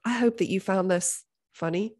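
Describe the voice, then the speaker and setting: A middle-aged woman hosting a podcast, telling a story in a casual, animated way, exasperated and joking, often slipping into the voices of others. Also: mid-range voice, normal speed. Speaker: podcast host.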